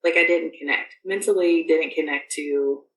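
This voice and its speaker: Female podcast guest, low register, halting storyteller with many fillers; distant roomy recording, faint background noise. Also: steady tone. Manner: rambling, full of fillers and restarts. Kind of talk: casual storytelling.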